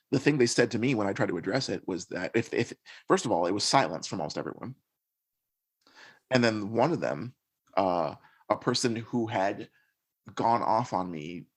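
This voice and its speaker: A man with a fairly low voice speaks as a podcast guest. He tells his own experiences in an earnest, reflective way, thinking aloud as he goes. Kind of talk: conversational storytelling.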